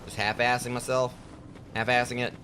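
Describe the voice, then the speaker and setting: A man's voice: mid-range voice, little pitch movement, moderate pace, noisy background. A man streaming a game, trash-talking enemies and commenting casually as he plays. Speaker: gaming streamer.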